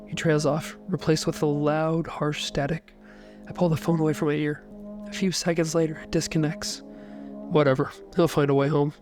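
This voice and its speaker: Young guy reading a creepy first-person story, slightly high voice, dry and calm, soft music underneath. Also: moderate pace. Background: faint music.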